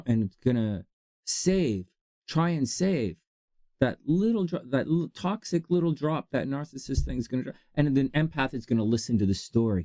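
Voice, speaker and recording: Vlog host, casual monologue, laughs a lot, swoops high and low, dry sound. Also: no echo. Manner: animated, laughs often, swings between low asides and high exclamations. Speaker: channel host. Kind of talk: casual advice monologue to camera.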